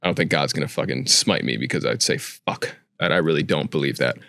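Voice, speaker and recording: A man's voice: a bass voice, a little fast, creaky, sharp tone, dry recording, studio quality. A man co-hosting a casual podcast, talking bluntly and cursing a lot. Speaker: podcast co-host, tattoo artist. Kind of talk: casual chat.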